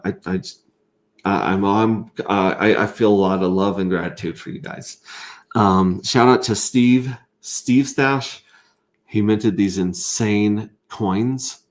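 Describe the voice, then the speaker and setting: A man hosting a casual livestream, reading out viewer comments in an excitable, rambling way and often stammering over restarts. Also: low-pitched. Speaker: livestream host.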